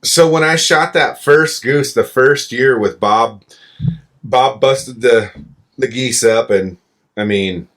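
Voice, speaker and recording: A man in casual podcast chat, telling a long hunting anecdote with profane, self-mocking humor, slowing some phrases and rushing the punchlines. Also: mid-range voice, fairly bright tone.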